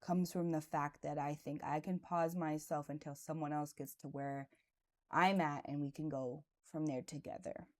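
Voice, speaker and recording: A woman's voice: low voice, fairly even intonation, normal speed. A woman hosting her own podcast, telling a personal story in a candid, confessional and casual way. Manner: casual and conversational, with frequent "like" and "right". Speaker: podcast host. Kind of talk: personal reflective monologue.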